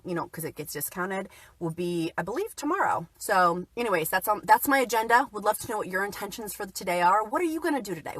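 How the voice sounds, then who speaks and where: A woman's voice: on the low side, a bit bright, husky, dry recording. Upbeat woman chatting on a livestream. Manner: chatty, upbeat, reads viewer comments aloud. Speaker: keto vlogger. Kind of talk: casual livestream chat.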